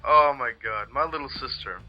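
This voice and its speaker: A man's voice: medium pitch, normal speed, dull audio, soft background music. A man with a Russian accent chatting casually and crudely on a let's play, rambling and joking. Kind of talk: casual gaming chat.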